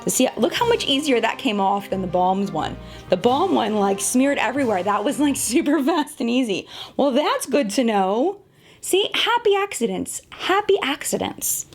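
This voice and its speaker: A woman's voice: on the high side, animated, moderate pace, breathy edge, soft background music. A woman in her thirties reviewing makeup in a casual, chatty way, often laughing at herself, talking to the camera at home. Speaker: beauty vlogger.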